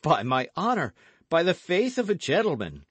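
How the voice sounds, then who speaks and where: A man's voice: mid-range voice, very animated, unhurried, no echo, voice pushed up. A man voicing a bold, gallant young guardsman in an audiobook reading, speaking earnestly and eagerly.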